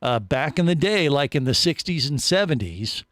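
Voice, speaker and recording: A man's voice: on the high side, moderate pace, no room sound. A man hosting a casual radio talk show from a studio, telling a long story with lots of restarts and asides. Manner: animated storyteller, many restarts.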